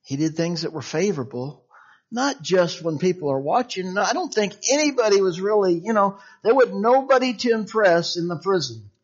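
Male preacher, folksy conversational sermon, high voice, muffled lo-fi audio. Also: lively intonation, moderate pace. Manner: chatty and conversational, frequent "you know" and chuckles, acts out quoted dialogue. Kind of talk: informal sermon. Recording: dull lo-fi sound.

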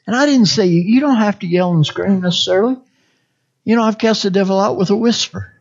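A preacher delivering a sermon, repeating scripture phrase by phrase and swinging from hushed whispers to loud cries. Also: mid-range voice, a little fast, highs cut off. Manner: dramatic swings between whispers and shouts.

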